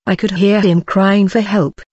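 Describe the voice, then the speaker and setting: A woman slowly and earnestly narrating a religious testimony of a vision. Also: medium pitch, fairly even intonation, dark tone, husky. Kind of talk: solemn read religious testimony. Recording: dull, dry lo-fi voice track.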